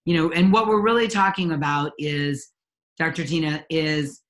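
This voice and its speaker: A woman's voice: deep voice, steady tone, normal speed. A woman in her forties, a parent coach, telling her personal story in an interview, earnest and candid with frequent ums and restarts. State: near tears at times.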